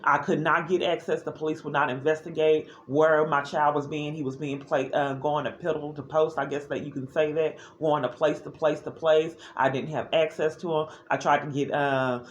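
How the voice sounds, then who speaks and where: A woman talks straight to the camera in a personal video diary. Her delivery is earnest and agitated, and she often breaks off mid-sentence and starts over. A faint hum of room ambience sits underneath. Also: low-pitched. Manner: earnest and agitated, with frequent restarts. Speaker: parent recording a video diary.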